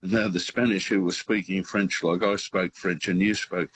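A man's voice: sits low, fairly even intonation, normal speed, a little hiss or hum, low-quality recording. A man calling a radio quiz, telling a rambling story with many hesitations. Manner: rambling, hesitant, full of ums. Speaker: caller. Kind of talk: casual phone-in storytelling.

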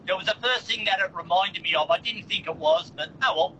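A man's voice: high voice, fairly quick, sharp tone, muffled recording, slight background noise. An Australian man calling in to a radio quiz, joking and laid-back. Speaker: caller. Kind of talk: casual phone-in chat.

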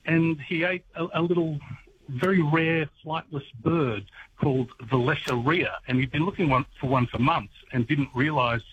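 A man telling history stories on the radio, relaxed with hesitant fillers. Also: on the high side, normal speed, breathy edge, dull audio. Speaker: history guest. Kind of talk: casual radio chat.

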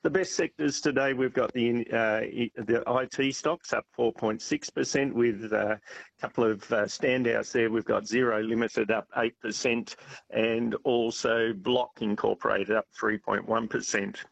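Brief: man, finance update, husky and gravelly, dry sound. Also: medium pitch, fairly even intonation, a little slow, dry recording, poor audio. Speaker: finance commentator. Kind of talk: market report.

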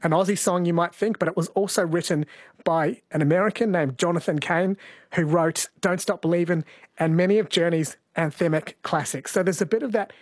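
A man's voice: sits high, fairly quick, no room sound. A man hosting a radio show, explaining poetry and introducing songs in a lightly playful, explanatory way. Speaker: radio host presenting music. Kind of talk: scripted radio presenting.

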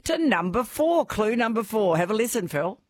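A woman's voice: on the high side, very animated, moderate pace, no echo, clean studio sound. A woman hosting a radio quiz, chatting casually and laughing often with callers.

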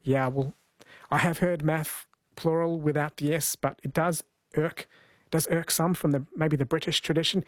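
A man's voice: fairly high pitch, fairly even intonation, normal speed, dry recording. A man hosting a late-night radio quiz in a friendly, chatty way, laughing easily.

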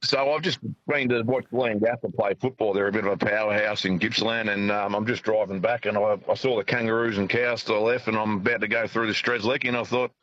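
A man's voice: fairly low pitch, steady tone, fairly quick, few pauses, a bit bright, no echo. An Australian man calling a radio show from his car, friendly and hesitant, with many fillers. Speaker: caller. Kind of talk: casual phone call to radio. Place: in a car, driving. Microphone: phone. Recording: muffled phone line.

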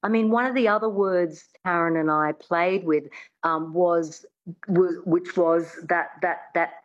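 A woman's voice: lowish voice, a little slow, muffled recording. A woman working as a dialect coach, answering interview questions in a chatty way, often restarting with "I mean".

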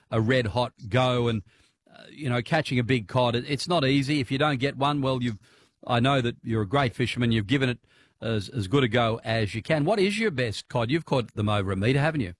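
A man, hosting a casual fishing chat in a friendly, halting way. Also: mid-range voice. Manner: friendly, hesitant, many fillers and restarts. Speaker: host. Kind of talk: casual interview.

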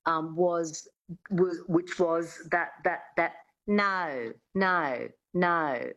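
Aussie lady coach, lowish voice, chatty, keeps restarting her sentences. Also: rough recording. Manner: chatty, many restarts and "I mean". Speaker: accent coach. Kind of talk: radio interview guest.

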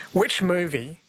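A man's voice: high-pitched, slightly rough. A man hosting a late-night radio quiz, chatting with callers. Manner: chatty, friendly, spells words out slowly. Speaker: radio host. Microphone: studio mic.

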